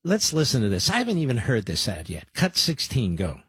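Male talk radio host, husky voice, dry studio sound, combative, sarcastic, rambling. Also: mid-range voice, huge pitch swings, fairly quick, a bit bright, no room sound. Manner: sarcastic, combative, rambling asides to his producer.

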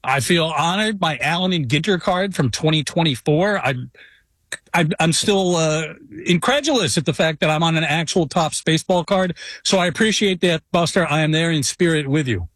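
A man guesting on a casual sports chat, upbeat and relaxed. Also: on the high side, normal speed, no echo. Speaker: guest, graphic artist and author.

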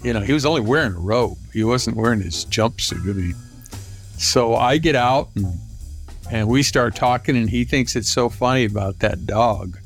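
A man's voice: mid-range voice, normal speed, soft background music. An older man from Southern California telling a rambling personal story, lifting his voice when he acts out what others said. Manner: rambling, lifts his voice to act out quoted lines. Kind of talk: personal anecdote.

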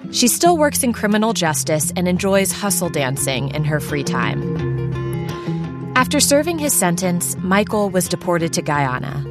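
Woman host, low-ish voice, composed scripted read over guitar music and crowd. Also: very animated, moderate pace. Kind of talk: scripted show announcement. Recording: music and audience noise behind voice.

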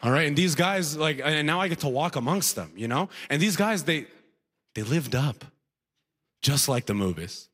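A man performs a stand-up routine, his voice swinging widely in pitch as he tells the story. He sits a little high for a man and slips into quick impressions of the people he describes. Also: expressive, a bit bright, slightly rough, in a large hall. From outside the United States. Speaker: stand-up comedian.

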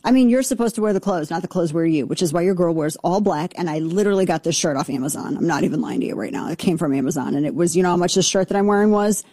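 A woman hosting a political talk show, riffing in a brash, sarcastic, fast way. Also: lowish voice, warm tone, no room sound.

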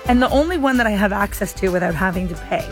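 A woman's voice: mid-range voice, expressive, quick pace. A woman hosts a radio talk show, chatting easily and poking fun at herself. Faint music plays in the background. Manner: chatty, self-deprecating. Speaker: radio host.

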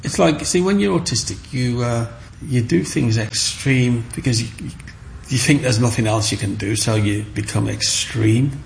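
An older man with a gravelly, creaky voice. He tells his stories with animated warmth, at an ordinary pitch, and now and then slips into other people's voices. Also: moderate pace, a little hiss or hum. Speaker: interviewee. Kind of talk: storytelling interview.

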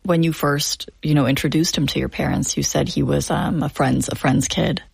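A woman interviewing a guest, asking gentle questions and giving supportive short replies. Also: low-pitched, fairly even intonation, moderate pace, vocal fry, husky.

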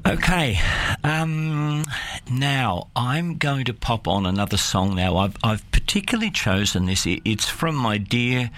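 A man hosting a Christian radio program, reading announcements in an unhurried way with many fillers and self-corrections. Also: mid-range voice, lively intonation, fairly bright tone.

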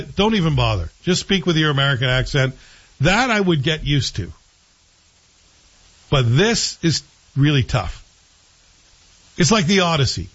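Man, husky voice, casual opinionated TV chat, dull lo-fi sound. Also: mid-range voice. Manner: chatty, opinionated, animated. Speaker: show co-host reviewing TV.

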